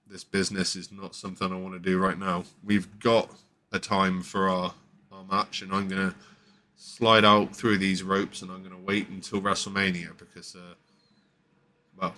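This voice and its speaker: A man's voice: low voice, little pitch movement, normal speed, sharp tone, a little hiss or hum. A man voicing a dismissive man who brushes off an offer in an offhand way.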